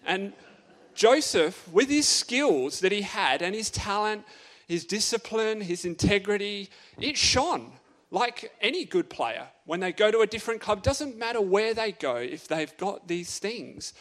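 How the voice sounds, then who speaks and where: A man delivers a sermon to young people as an unfolding story. He keeps it playful, often pausing to ask his listeners questions. His voice sits a little higher than most men's. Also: very animated, fairly bright tone. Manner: playful, asks the audience many questions. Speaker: youth speaker. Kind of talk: lively storytelling sermon to youth.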